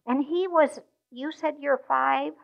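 A woman telling a children's story at church, gently asking the children questions. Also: high voice, takes it slowly, vocal fry, highs cut off.

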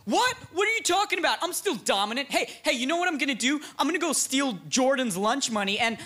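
A man voicing a cocky, bullying high-school boy who swaggers and threatens. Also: expressive, fast talker, exaggerated voice. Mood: flustered. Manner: swaggering, aggressive, shouty.

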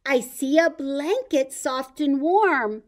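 This woman, a children's librarian, takes things slowly in a high voice while leading baby story time. Reading a picture book aloud, she sings simple songs and makes animal sounds in an animated, sing-song style.

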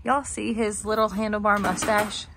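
A woman speaks in a gentle, cooing voice, soothing an animal in a casual outdoor vlog. Her pitch sits in the middle range and her talk stays soft and tender. Faint farm sounds hiss quietly behind her. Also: level tone, moderate pace. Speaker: vlogger, pet owner. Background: faint farm ambience, geese and rain.

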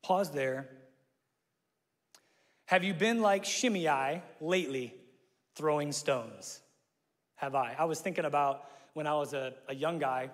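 A male pastor from Omaha preaching a sermon. He tells stories with self-mocking jokes and laughter, and he acts out quotes with sudden shouts. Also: on the high side, a little slow, pauses often. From Omaha, Nebraska, USA. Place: church sanctuary. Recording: long reverb of a large hall.

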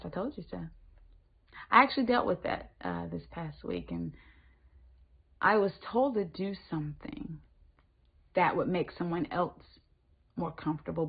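Woman, devotional speaker, husky voice, swings between emphasis and whispers, thin phone-like sound. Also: medium pitch. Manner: animated, shifting between emphatic and hushed whispered delivery. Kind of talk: spoken devotional message.

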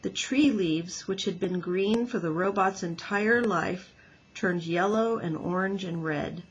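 A woman teacher reading a children's book aloud with gentle, expressive storytelling. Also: lowish voice, measured pace, a little hiss or hum, rough recording.

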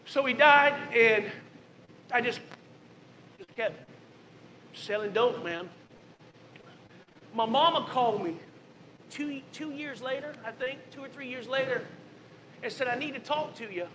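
Bright high-voiced pastor telling his story. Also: a little slow, pauses often, roomy sound, a little hiss or hum, low-quality recording. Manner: candid storytelling, conversational asides. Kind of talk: testimony sermon. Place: church sanctuary.

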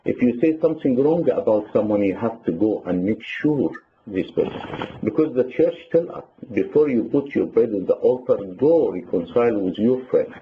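A man's voice: mid-range voice, animated, moderate pace, phone-quality sound, a little hiss or hum. Egyptian-accented man giving a sermon. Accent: Egyptian Arabic. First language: Arabic. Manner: counts points aloud, retells church stories. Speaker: deacon teaching on confession.

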